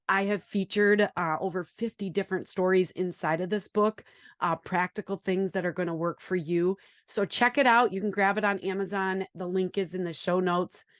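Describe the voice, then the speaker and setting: A woman's voice: medium pitch, moderate pace, no room sound, studio quality. A woman with a Wisconsin accent hosting a podcast, chatty and enthusiastic as she talks tips and interviews a guest. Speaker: podcast host.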